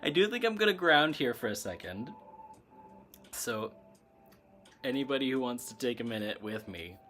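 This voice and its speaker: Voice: medium pitch, animated, moderate pace, fairly bright tone, faint music behind. A spiritual livestream host chatting casually through a bout of hiccups, rambling and laughing often.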